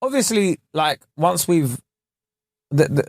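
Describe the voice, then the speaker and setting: A man co-hosting a podcast, chatting in an animated, teasing way. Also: fairly high pitch, takes it slowly, no room sound, clean studio sound. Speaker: podcast co-host. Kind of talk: casual chat.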